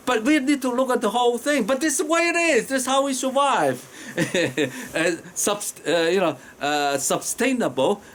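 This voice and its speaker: A man with a strong non-native accent gives an informal lecture, pausing often on fillers and breaking into chuckles. His voice sits a little high for a man. A faint background hum runs underneath. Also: a bit bright. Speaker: teacher explaining Tao Te Ching.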